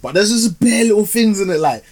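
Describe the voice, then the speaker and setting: A man's voice: high voice, expressive, brisk. A man hosting a podcast, casually reviewing films in a slangy, rambling way. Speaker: podcast host. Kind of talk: casual film review chat.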